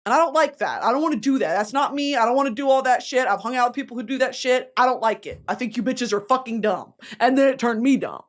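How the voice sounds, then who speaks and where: Animated, swearing woman host. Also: a little high, fast talker, hardly any pauses. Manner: animated, profane, laughs often. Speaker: podcast host. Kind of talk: casual chat.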